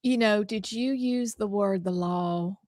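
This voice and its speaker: A woman's voice: mid-range voice, measured pace, darkish tone, no echo, studio quality. A woman hosting a talk show in a chatty, easy-laughing way. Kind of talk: casual radio chat.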